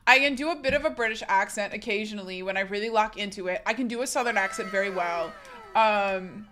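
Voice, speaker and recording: A woman's voice: mid-range voice, fast, a bit bright, slight background noise. A young adult woman from the United States, chatting casually on a live stream in a giggly, rambling, self-mocking way.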